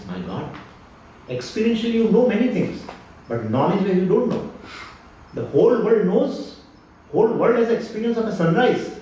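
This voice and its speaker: A man teaches a spiritual lecture to a hall audience, asking questions and answering them himself. His fairly high voice swings up and down with lively energy. The recording is very echoey, he stands away from the mic, and a faint hiss sits underneath. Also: distant mic. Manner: animated, rhetorical questions, repeats phrases. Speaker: Vedanta teacher.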